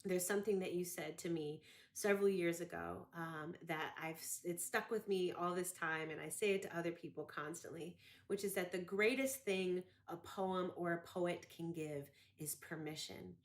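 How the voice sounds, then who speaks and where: A woman giving a heartfelt tribute to a close friend, emotional and close to tears, speaking in an affectionate, halting way. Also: on the low side, steady tone.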